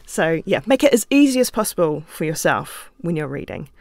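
Gravelly-voiced New woman, podcast guest. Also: low voice, sing-song, a little fast, no room sound. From New Zealand. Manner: thoughtful, chatty, laughs easily, talks with her hands. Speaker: interview guest, author and playwright. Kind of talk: casual conversational interview. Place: podcast studio. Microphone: studio microphone.

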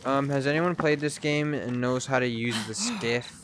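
A young man chatting excitedly to his viewers while streaming a game, swearing freely. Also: medium pitch, normal speed, noisy background. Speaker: livestreamer. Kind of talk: casual live gameplay chatter.

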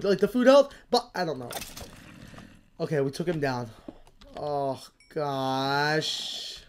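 A young woman giving casual, excitable commentary on her own game, panicking and repeating herself as she plays. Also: mid-range voice. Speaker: gaming channel host.

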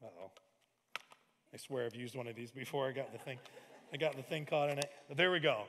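A man in his forties preaching a sermon in an animated way, acting out scenes with sudden shouted lines. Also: mid-range voice, a little fast. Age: 40s. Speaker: pastor. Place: large church sanctuary. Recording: long hall reverb.

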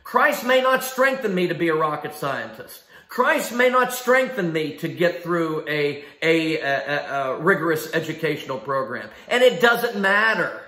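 A man's voice: a little high, sing-song, unhurried, hardly any pauses, sharp tone, roomy sound. A man preaching a sermon in an emphatic style, asking rhetorical questions and repeating key phrases. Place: church sanctuary.

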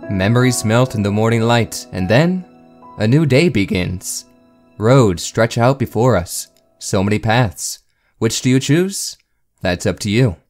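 A man voicing a calm, gentle figure in a game cutscene, speaking slowly and reflectively over music. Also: lowish voice, natural voice.

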